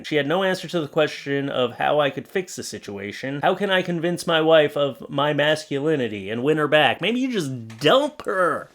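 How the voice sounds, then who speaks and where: A man's voice: on the high side, very animated, normal speed, fairly bright tone. A young adult man hosting a comedy commentary show, reacting to posts in a sarcastic, exasperated way and slipping into mock voices.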